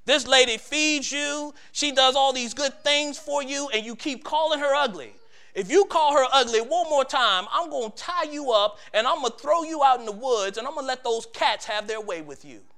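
An old country shopkeeper voiced by a male preacher speaks low and hushed. The tone stays smooth and clear. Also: expressive, moderate pace, full character voice. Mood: scolding. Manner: lower, hushed and apologetic. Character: apologetic old country store owner.

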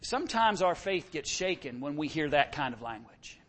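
A man's voice: a little high, very animated, normal speed, a bit bright. A middle-aged man preaching a sermon as pastor, impassioned and full of rhetorical questions.

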